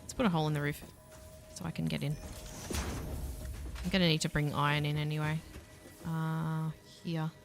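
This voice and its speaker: A young Australian woman streaming a factory-building game, thinking aloud and chatting with viewers, quick to laugh at herself. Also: low voice, level tone, vocal fry, faint music behind. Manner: self-deprecating, laughs easily. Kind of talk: casual let's-play commentary. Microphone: desk mic, voice only without face cam.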